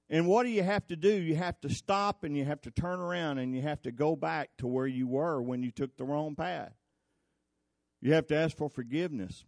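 A man's voice: fairly high pitch, moderate pace, vocal fry, darkish tone, no echo, studio quality. A man preaching a folksy, conversational sermon, telling stories and asking the congregation questions.

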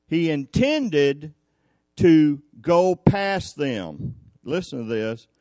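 Slow folksy preacher. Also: male voice, on the high side, a little mellow, no echo. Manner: folksy, drawling storyteller who acts out the scripture. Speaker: preacher at a cowboy church. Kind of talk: folksy sermon.

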